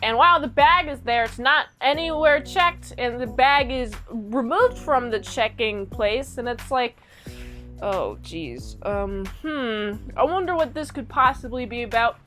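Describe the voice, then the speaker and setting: A woman's voice: fairly high pitch, unhurried, sharp tone, faint music behind. A woman casually recapping a TV episode as a reviewer, chatty and rambling with slangy asides. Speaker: show reviewer.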